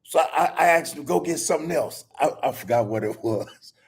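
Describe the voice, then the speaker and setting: A man's voice: fairly high pitch, animated, fairly quick, gravelly, slightly rough. An older man hosting a podcast, telling stories in a casual, profane way and laughing often. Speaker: podcast host. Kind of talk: casual storytelling chat.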